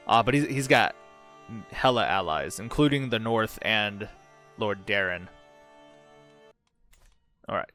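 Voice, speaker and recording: A man's voice: fairly low pitch, animated, measured pace, pauses often, pushed and bright, soft background music. A man casually commenting on a strategy game as he plays, reading out its text with profane, sarcastic asides. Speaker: gaming channel host. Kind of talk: casual let's-play commentary.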